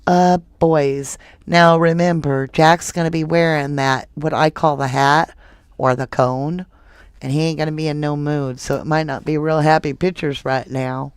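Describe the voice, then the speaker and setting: A woman hosting a casual true crime livestream, chatting with viewers and reading their comments in an animated way. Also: unhurried, clean tone, no echo, clean studio sound. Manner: chatty and animated, jumping up high when excited.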